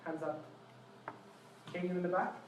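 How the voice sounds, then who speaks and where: A man's voice: high voice, level tone, moderate pace. A man giving a live seminar, explaining through playful mnemonic stories and quizzing the audience. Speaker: seminar presenter. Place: university seminar room. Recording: echoey lecture room from far off, faint noise.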